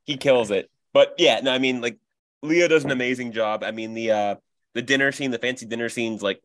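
A man joins a film podcast as a guest, speaking at an ordinary mid pitch. He is chatty and openly enthusiastic, and he rambles a little as he builds his points. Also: fairly quick, a bit bright. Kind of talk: casual film discussion.

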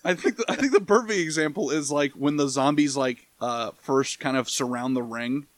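A man's voice: medium pitch, normal speed, dry recording. Chatty, profane man, dry close mic. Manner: rambling, profane, does goofy impressions. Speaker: podcast co-host. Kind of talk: casual movie review chat.

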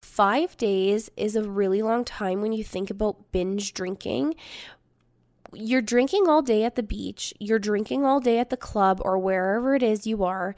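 A woman's voice: medium pitch, a little slow. A woman in her thirties telling a story casually, cursing freely and acting out the quotes as she laughs through it. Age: 30s. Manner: profane, animated, laughing retelling with acted-out quotes.

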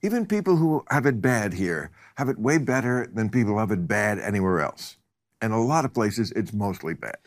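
A man with a fairly low voice that rises and falls freely as he hosts an easygoing conversation. He is dry and joking, laughing often and letting sentences drift off unfinished. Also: very animated, moderate pace. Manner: wry, laughs often, trails off. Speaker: host. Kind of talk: casual conversation.

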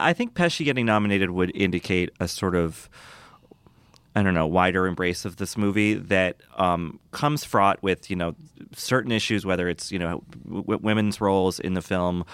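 A man's voice: sits low, fairly bright tone, clean tone, no room sound. A man co-hosting a podcast, talking casually and thoughtfully about films, building to emphatic riffs. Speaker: podcast co-host. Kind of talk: casual film discussion.

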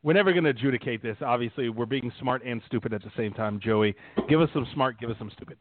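A man's voice: medium pitch, fast. A man co-hosting a sports podcast in a jokey, riffing way. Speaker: podcast co-host. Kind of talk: casual chat. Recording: phone-like line.

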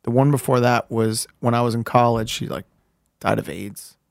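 A man on a podcast recounting a painful family story in a halting, candid way, restarting sentences and swearing casually. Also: mid-range voice, steady tone, vocal fry, a little mellow, no room sound, studio quality. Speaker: podcast co-host.

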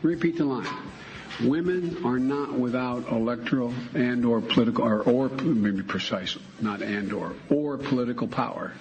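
A man giving radio commentary in an archived clip, reading a quote aloud in a deliberate way. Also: mid-range voice, a little mellow, dull audio, slight background noise.

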